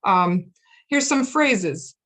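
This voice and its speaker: A woman from the United States giving a friendly, chatty slide lecture over a video call, often pausing on "um" and "okay.". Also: mid-range voice, expressive, fairly bright tone. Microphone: video call microphone.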